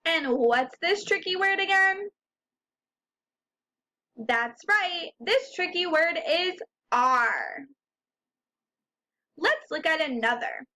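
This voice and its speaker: Bright, high-voiced woman teacher, slow and patient. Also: animated. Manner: patient, encouraging, sounds out letters one by one. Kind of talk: slow, clearly articulated reading lesson for young children.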